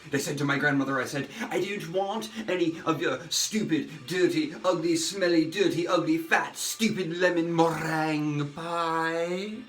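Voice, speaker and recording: A man voicing an eccentric, melodramatic older woman who rambles theatrically, swinging between loud outbursts and hushed asides. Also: a little high, steady tone, normal speed, few pauses, natural voice. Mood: indignant. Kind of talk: comic character monologue. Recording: roomy echo with faint music.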